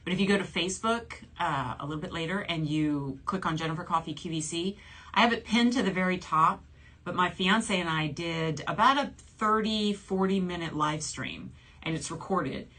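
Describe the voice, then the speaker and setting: A shopping channel host in her forties from New Orleans, USA, speaks at a moderate pace in a fairly low, slightly bright voice. She chats casually on a livestream, reading viewer comments aloud and laughing frequently.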